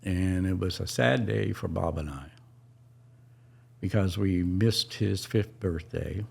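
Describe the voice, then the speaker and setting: A middle-aged man tells a personal story on a podcast in a halting, emotional way, often restarting his sentences. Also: sits low, gravelly, a little mellow, husky.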